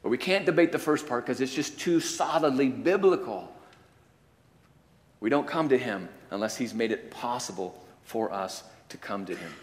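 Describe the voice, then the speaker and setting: A male preacher delivering a sermon, swinging from quiet, low statements to loud, emphatic declarations. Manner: varies loudness, rising to emphatic declarations and dropping low. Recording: long hall reverb.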